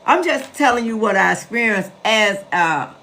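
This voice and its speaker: A woman in her sixties from Chicago's west side tells her live viewers a story in a chatty, emphatic way during a casual live stream. Her medium-pitched voice is expressive and sharp in tone, at a moderate pace, with a little hiss or hum.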